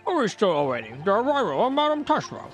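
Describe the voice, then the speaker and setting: A man voicing an elderly male courtroom judge who bursts out loudly. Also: high-pitched, wildly swooping pitch, fast talker, soft background music, pitched above the performer's own voice, full character voice. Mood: impatient. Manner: loud, shocked outbursts.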